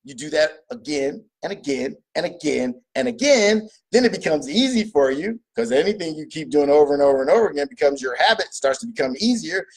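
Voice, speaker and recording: A man with a fairly high, husky voice delivers a motivational talk. He is emphatic and preachy. He hammers his points through repetition and answers his own rhetorical questions. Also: expressive, a little fast, few pauses. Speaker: motivational speaker.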